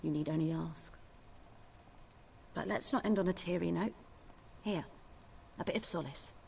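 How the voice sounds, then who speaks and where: An actress voicing a weary village woman in a game, who tells a grim story in a measured way and then offers comfort. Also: on the low side, gravelly, noisy background. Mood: sombre. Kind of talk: game voice acting.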